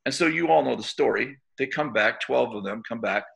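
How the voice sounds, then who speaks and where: A man's voice: mid-range voice, fairly quick, creaky, fairly bright tone. A middle-aged man leading a church, preaching informally and telling a story conversationally, with many fillers and restarts. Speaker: church leader.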